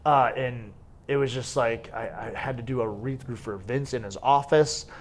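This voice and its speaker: A man's voice: medium pitch, normal speed. A man as a guest in a sit-down interview, telling stories casually with lots of fillers and restarts. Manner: chatty, frequent "like" fillers and restarts. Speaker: wrestler guest.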